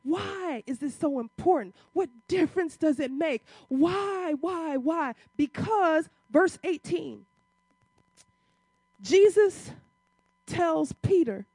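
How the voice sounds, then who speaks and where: High-pitched lady preaching hard, lots of questions, casual church talk, dry mic. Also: animated, takes it slowly, dry recording. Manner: impassioned, rising to loud emphatic peaks; uses casual church vernacular, rhetorical questions. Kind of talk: sermon.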